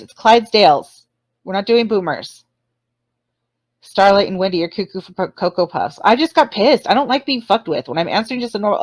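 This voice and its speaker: A woman's voice: mid-range voice, dry recording. A woman hosting a casual livestream chat, rambling and laughing often between apologetic asides. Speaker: livestream host.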